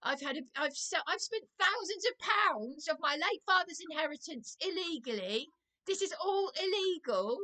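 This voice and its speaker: A woman's voice: very high voice, lively intonation, moderate pace, pushed and bright. A woman on a phone call, distressed and rambling, her voice climbing as she gets angry. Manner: distressed, rambling, voice rising into anger. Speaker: caller.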